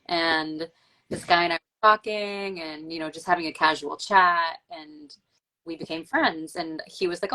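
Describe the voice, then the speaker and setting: A woman host chats in a casual podcast, telling stories with lots of likes and ums. Her voice sits on the lower side. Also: moderate pace, rough recording. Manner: animated storyteller, many likes and ums.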